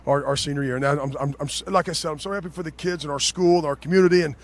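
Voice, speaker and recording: A man's voice: a little high, steady tone, rapid-fire. A man, a head football coach, giving a heartfelt postgame interview on the field, stumbling over his words and restarting often. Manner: emotional, stammering with restarts. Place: outdoor football field after a game.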